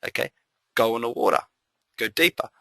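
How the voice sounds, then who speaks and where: A stern, cryptic rich guru barks short orders, as a man tells the story in his webinar. The voice is bright and pushy, a little higher than his own plain talk. It is a storytelling voice, not a full character performance. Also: brisk, vocal fry, no echo. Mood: commanding. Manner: terse commands.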